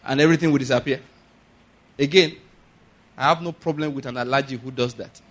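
A man pastor preaching a sermon, swinging between quiet asides and sudden loud, high emphasis. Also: steady tone, brisk. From Nigeria.

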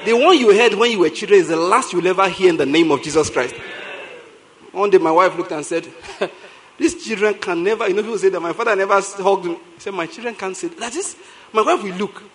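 A middle-aged Nigerian man with a Nigerian English accent, a pastor preaching a sermon in an animated storytelling way, repeating lines for emphasis. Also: high voice, quick pace, a little hiss or hum, poor audio.

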